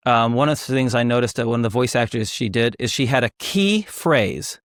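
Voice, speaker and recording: A man's voice: medium pitch, brisk, no echo. Hesitant male host, dry sound. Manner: thoughtful, hesitant, with fillers. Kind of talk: casual interview.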